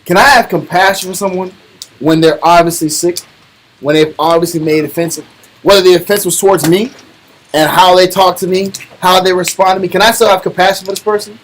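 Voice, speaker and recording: A man's voice: high-pitched, steady tone, a little fast, fairly bright tone, slight background noise, rough recording. A man taking part in a Bible study, speaking earnestly and asking reflective questions. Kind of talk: casual scripture discussion.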